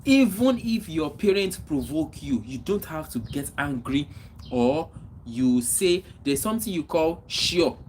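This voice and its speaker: A man's voice: fairly high pitch, expressive, a little slow, slight background noise, poor audio. Nigerian man hosting a casual livestream. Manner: repetitive, reads and answers chat comments, preachy advice. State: repeatedly coughing and clearing throat. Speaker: livestream host. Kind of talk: casual livestream chat with viewers.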